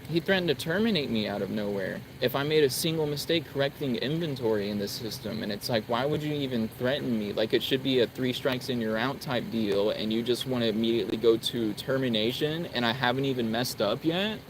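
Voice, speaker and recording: A man chatting casually outside, relaxed and agreeable, often calling his friend bro. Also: mid-range voice, fairly quick, hardly any pauses, background noise. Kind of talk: casual chat.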